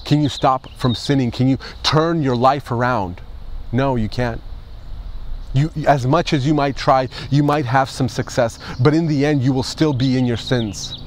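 A man's voice: mid-range voice, moderate pace, slight background noise. A male pastor delivering an Easter sermon, emphatic, with rhetorical questions and repeated phrases.

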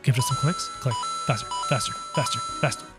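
A man doing excitable casual gameplay commentary, talking straight to his viewers. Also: mid-range voice, brisk, loud music behind the voice. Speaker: gaming YouTuber.

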